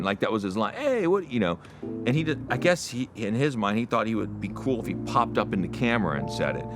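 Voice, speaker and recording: A man who works as a casting director, telling stories in an interview in an animated way that acts out the people involved. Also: low voice. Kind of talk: interview storytelling. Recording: music playing under the speech.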